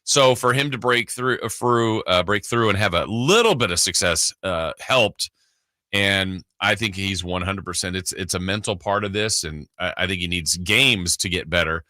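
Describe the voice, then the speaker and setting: Casting: lowish male radio co-host, forceful bright tone, chatty storyteller, dry close mic. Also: normal speed, dry recording. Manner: conversational, storytelling, acts out quotes. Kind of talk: sports radio talk.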